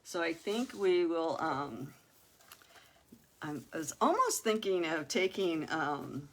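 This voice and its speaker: A woman's voice: deep voice, sing-song, slow. Chatty older woman, crafting host. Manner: chatty, talks straight to viewers, exclaims and laughs often. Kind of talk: casual crafting livestream chat.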